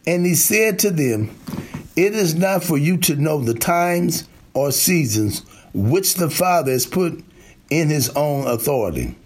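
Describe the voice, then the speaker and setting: Preacher, male, unhurried and emphatic, slightly higher voice. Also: lively intonation, a little mellow, slight background noise. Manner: slow, emphatic preaching with repeated lines. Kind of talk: sermon.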